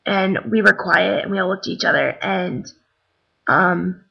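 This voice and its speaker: A woman's voice: lowish voice, a little slow, vocal fry, bright, forceful tone, slightly rough, dull audio. A young woman casually telling a story to the camera, chatty, with many fillers, acting out what others said. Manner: chatty, many fillers, acts out quoted voices.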